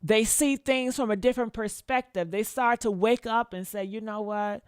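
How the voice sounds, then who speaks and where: A woman's voice: fairly high pitch, normal speed, clean tone, no room sound. Woman ranting on a commentary vlog, blunt and cussing a lot, preachy, dry close sound. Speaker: online commentator. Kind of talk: casual commentary rant.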